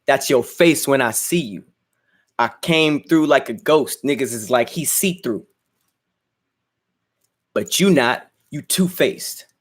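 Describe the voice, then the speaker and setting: A man's voice: medium pitch, a little slow. A young man hosting a casual podcast, chatting and freestyling crude, boastful raps while joking and laughing at himself. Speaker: podcast host. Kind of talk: casual livestream chat and freestyle rap.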